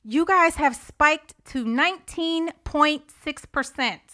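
A woman's voice: high voice, slow, bright, forceful tone. A woman hosting a podcast in casual chat, upbeat and chatty, eagerly asking her listeners to reach out. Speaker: podcast host.

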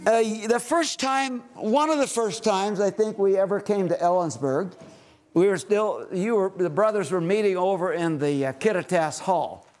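A middle-aged man preaching a sermon at a family retreat, rising to loud exhortation and dropping to hushed, low phrases. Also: normal speed.

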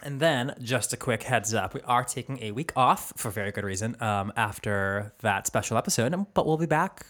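Easygoing male co-host, mid-pitched, casual and reflective. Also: normal speed, few pauses, fairly bright tone. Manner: easygoing, reflective, laughs easily. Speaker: podcast co-host. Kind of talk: casual chat.

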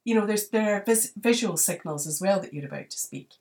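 A woman's voice: medium pitch, lively intonation, brisk, darkish tone, recorded from a distance. A woman hosting a podcast, giving advice in a chatty way, often saying "you know" as she goes. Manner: conversational, many "you know" fillers. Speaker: podcast host. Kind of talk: solo advice talk.

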